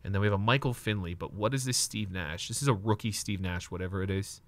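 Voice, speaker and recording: In a dry recording, a young man live streams his trading card pack openings, eager and anxious, chatting with viewers and dropping the odd swear. He's a fast talker with a voice on the low side.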